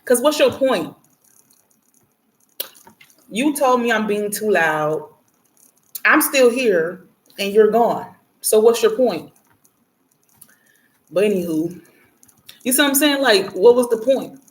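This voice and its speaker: Her voice is a little high and slow, broken by long pauses, as she leads a spiritual reading and prayer message. Addressing viewers casually, she's blunt and profane, laughs as she rambles, and turns animated while ranting.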